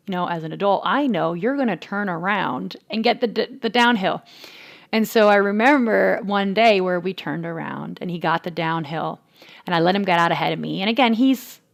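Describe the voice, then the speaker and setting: A woman's voice: fairly low pitch, creaky. A woman in her forties hosting a podcast, telling a family story in a rambling, chatty way with restarts and laughter. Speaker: podcast host. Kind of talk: casual solo chat.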